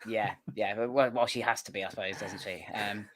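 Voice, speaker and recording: A woman hosting a casual podcast chat, hesitant, often repeating her words and filling pauses with ums. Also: extremely low pitch, steady tone. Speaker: podcast host.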